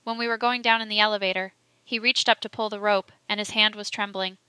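A woman's voice: medium pitch, fairly even intonation, fast talker, sharp tone, smooth, dry recording, lightly acted. A woman reading the lines of a reluctant male witness who gives short, guarded answers.

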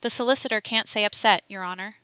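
A woman's voice: medium pitch, fast, sharp tone, clean tone, no room sound, lightly acted, low-quality recording. A woman reading the lines of an indignant male defense attorney who protests sharply.

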